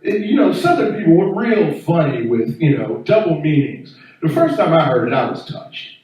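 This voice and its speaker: Male stand-up comic, lively swooping pitch, echoey room, heard from far off. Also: moderate pace. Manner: animated, chatty with the crowd. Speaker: stand-up comedian. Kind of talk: stand-up set.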